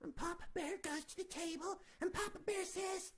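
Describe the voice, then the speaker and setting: A woman's voice: extremely high pitch, normal speed. A woman telling a children's story comically, rambling with sarcastic asides.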